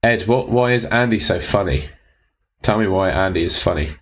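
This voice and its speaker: A man's voice: low-pitched, normal speed. A young man casually answering viewers' fantasy football questions on a live stream, laid-back and teasing.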